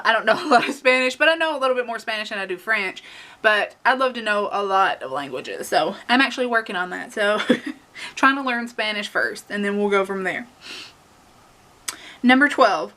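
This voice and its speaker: A woman's voice: a little high, pushed and bright. A young woman with a Southern US accent chatting casually to camera, rambling with lots of fillers and laughs. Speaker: beauty vlogger.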